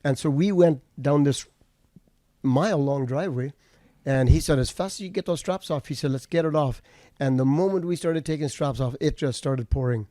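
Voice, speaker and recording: A male trucker telling a road story in casual chat, steady and matter-of-fact. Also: a little high, normal speed, no room sound. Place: studio table.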